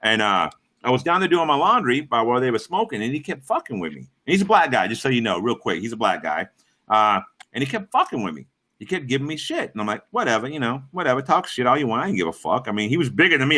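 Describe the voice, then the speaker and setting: A man's voice: mid-range voice, very animated, quick pace, pushed and bright. A middle-aged man hosting a livestream, telling rambling, profane stories in casual chat and greeting viewers. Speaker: livestream host.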